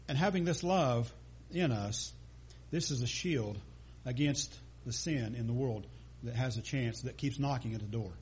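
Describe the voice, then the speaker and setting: A man's voice: medium pitch, unhurried, a little mellow, a little hiss or hum. A man preaching a sermon, telling a story with small stumbles and restarts.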